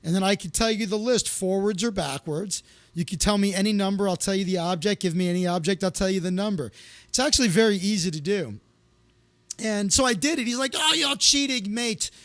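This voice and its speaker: A man's voice: high voice, fairly quick, no echo. A man hosting a comedy live stream, telling rambling stories to his viewers in a casual way, with lots of fillers and restarts. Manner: loose, anecdotal, with many fillers and restarts.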